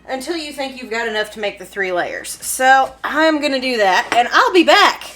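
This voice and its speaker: A woman's voice: high voice, animated, moderate pace, a bit bright, rough recording. Chatty Kentucky woman cooking at home. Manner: chatty and giggly, talking while she cooks. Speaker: cooking vlogger. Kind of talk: casual cooking vlog. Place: home kitchen.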